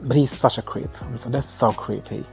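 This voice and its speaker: A man's voice: mid-range voice, normal speed, creaky, faint music behind. A man giving a casual, foul-mouthed movie recap, sarcastic and often laughing. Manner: crude, sarcastic, laughs often, mimics characters.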